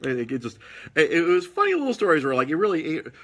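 A man telling stories in casual podcast chat, animated, with husky tone. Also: fairly high pitch, quick pace. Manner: animated storytelling with put-on quoted voices.

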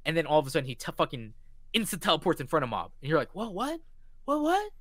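A man co-hosting a podcast, retelling a story in casual chat with excited energy and lots of swearing. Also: a little high, very fast, no room sound. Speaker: podcast co-host.

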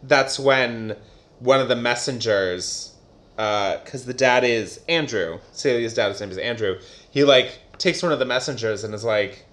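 A man co-hosting a casual podcast, retelling a novel's plot and acting out characters' lines in quick voices. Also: medium pitch, a bit bright. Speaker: podcast co-host. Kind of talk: casual book discussion.

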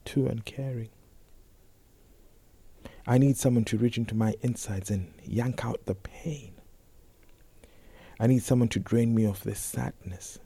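A young man telling a personal story in a slow, intense spoken-word reading, often sinking to a whisper. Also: medium pitch, gravelly, dark tone, husky, no echo. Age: young adult.

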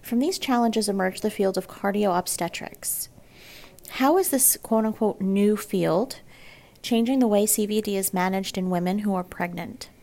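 A woman moderating a medical podcast, reading her introduction in a polished, clear way. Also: medium pitch, moderate pace, dark tone. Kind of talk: scripted interview hosting.

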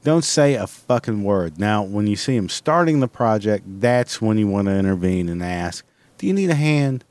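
Man, podcast host, low voice, dry close sound, profane, rambling, blunt, casual rant. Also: normal speed, a little mellow, dry recording.

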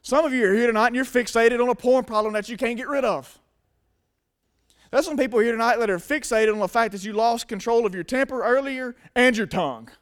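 A man's voice: very high-pitched, brisk. A man preaching a sermon to a congregation, emphatic and casual. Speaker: pastor.

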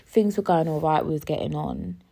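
A young woman hosting a podcast, telling a story in a chatty, expressive way, swearing freely and repeating herself for emphasis. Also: low voice, a little fast, slightly rough. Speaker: podcast host. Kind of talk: casual storytelling monologue.

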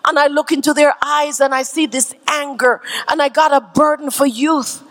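A woman pastor preaches with a high, ringing voice. She drives her points home through repetition and rises into shouted climaxes. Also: steady tone, normal speed. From Canada. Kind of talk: sermon.

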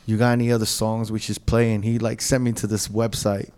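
A young man talks in a relaxed podcast chat. He tells stories in a loose, profane way, acting out what he said along the way. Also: fairly low pitch, fairly quick, smooth. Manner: loose, profane storytelling with quoted asides. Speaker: podcast co-host and DJ. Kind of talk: casual chat.

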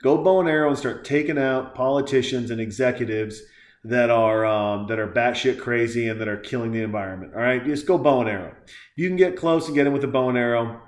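A man's voice: medium pitch, fairly quick. A man hosting a podcast, delivering a crude, heated and sarcastic rant as casual commentary. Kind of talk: profane ranting commentary. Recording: echoey room.

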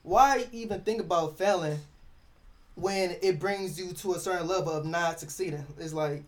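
High-voiced earnest young man. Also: normal speed. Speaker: guest, show team member. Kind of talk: casual podcast interview.

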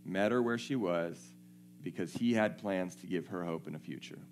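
A man's voice: sits low, normal speed, a little hiss or hum. A man preaching a sermon, reading scripture aloud and checking in with his listeners in a conversational way.

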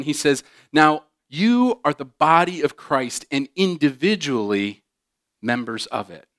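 A man preaching a sermon as pastor, animated and often acting out quoted voices with humor. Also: medium pitch, no echo, clean studio sound.

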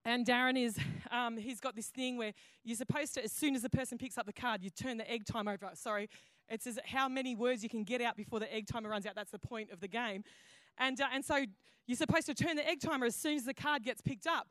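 A woman pastor tells a story from the pulpit in a loose, chatty way, stopping and restarting her sentences. Her voice sits high, and the sound is dry and close. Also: fairly even intonation, fast, a bit bright, dry recording. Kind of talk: sermon. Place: church auditorium.

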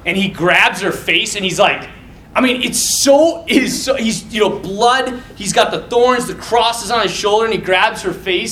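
A man talks to a group of young men in a casual, animated way, telling scenes with feeling. His voice sits high and sounds bright and forceful. It is recorded from a distance in an echoey room with faint noise behind. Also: normal speed. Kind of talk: informal talk to young men.

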